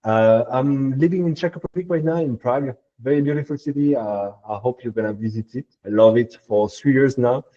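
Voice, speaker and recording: A man from France with a French accent, presenting a technical workshop and explaining things step by step in a slow, halting way. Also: medium pitch, mellow. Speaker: workshop speaker, machine learning engineer. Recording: muffled lo-fi audio.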